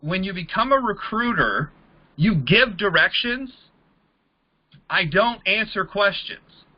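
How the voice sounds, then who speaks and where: A man's voice: sits high, animated, takes it slowly, highs cut off. A man teaching a network marketing audience in a casual way, acting out both sides of the conversations he describes. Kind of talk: training talk to a group.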